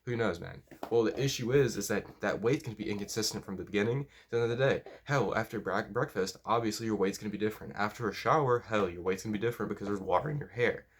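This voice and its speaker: A man's voice: fairly low pitch, fast, few pauses, breathy edge. A man giving casual, blunt, profanity-laced lifting and diet advice as a powerlifting coach. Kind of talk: casual talking-head advice.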